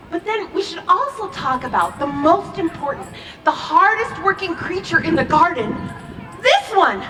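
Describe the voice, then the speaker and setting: High, animated woman leading kids' storytime. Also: normal speed. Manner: animated, sing-song, coaxing children. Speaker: children's entertainer. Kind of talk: sing-along storytime for kids. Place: playground ceremony, outdoors. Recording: roomy, distant, loud ukulele music. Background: ukulele playing.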